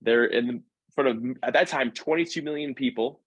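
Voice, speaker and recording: A male podcast guest, a professional dancer, tells stories in a relaxed, lively way, often restarting phrases and correcting himself quickly while acting out the voices he quotes. His mid-range voice has a breathy edge, and the recording is close and dry.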